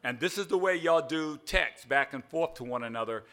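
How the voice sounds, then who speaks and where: A man's voice: a little high, animated, moderate pace, bright, forceful tone. An older man preaching an evening sermon in a folksy way, spelling words out and asking "all right?" again and again. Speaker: pastor.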